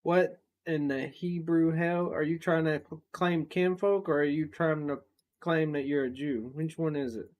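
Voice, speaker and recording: A man's voice: fairly high pitch, fairly even intonation, unhurried, darkish tone. A man hosting a reaction video, talking in blunt, mocking, heavily sworn casual commentary and laughing at the clips.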